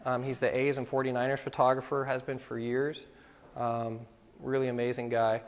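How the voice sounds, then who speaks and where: A man's voice: medium pitch, level tone, normal speed. A middle-aged man giving a casual talk to photography students, telling anecdotes and acting out what people said. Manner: storytelling, acts out quoted voices. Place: lecture hall at a photography school. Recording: long reverb of a hall.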